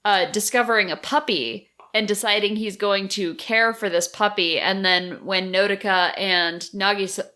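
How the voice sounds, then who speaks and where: A woman's voice: mid-range voice, fairly even intonation, moderate pace, few pauses, pushed and bright. A woman hosting a podcast in casual chat, playful and enthusiastic, teasing her co-host.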